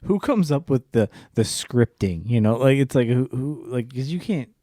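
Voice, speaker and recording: A male podcast host chatting casually, talking in halting phrases with many restarts while searching for the right words. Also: mid-range voice, animated, mellow, no room sound, clean studio sound.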